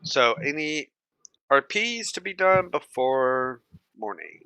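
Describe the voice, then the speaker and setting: A man running a tabletop game as game master, in relaxed, chuckling narration. His voice is very bright and lively in pitch, and he talks slowly. The sound is dry and close. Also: vocal fry, smooth, no room sound, poor audio.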